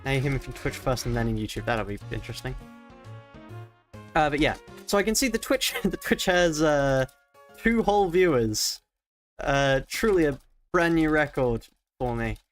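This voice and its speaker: An Australian man talks through a live game stream at his home desk microphone, rambling and thinking out loud as he plays. He keeps his voice mid-range and makes fun of himself, with faint music playing underneath. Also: medium pitch. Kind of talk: live let's-play commentary.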